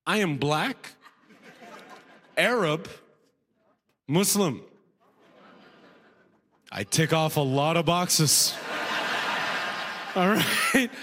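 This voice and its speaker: A man's voice: fairly high pitch, expressive, extremely slow, long pauses, fairly bright tone. A man performing a stand-up comedy set on a club stage, talking to the crowd in a conversational, punchy way and laughing at his own jokes. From Canada. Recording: faint noise, long hall reverb.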